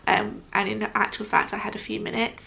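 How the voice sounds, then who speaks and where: A woman's voice: mid-range voice, monotone, a little fast, gravelly, pushed and bright. A young adult woman telling a personal story to camera in a chatty, casual way, with frequent ums, often quoting what others said. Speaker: vlogger.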